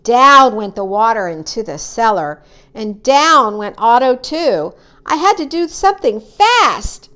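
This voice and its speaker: A woman reading a children's story aloud, acting out the characters with high, excited cries. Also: measured pace.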